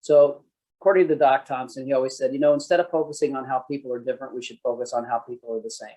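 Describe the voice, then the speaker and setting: A man's voice: mid-range voice, fairly even intonation, fast talker, mellow, poor audio. A man presenting a police training session, conversational, acting out sample phrases. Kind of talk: conference presentation.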